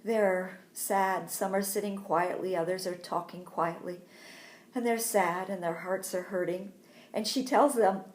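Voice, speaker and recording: Woman, Sunday school teacher, slow storytelling, middle pitch, roomy echo. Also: fairly even intonation. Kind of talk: storytelling lesson for children.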